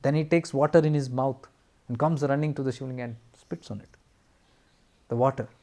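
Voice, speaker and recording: A man speaks as a spiritual teacher, telling a devotional story. He takes his time and repeats key words for emphasis. His voice sits at an ordinary middle pitch. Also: dark tone. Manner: earnest, unhurried storytelling with emphatic repetitions.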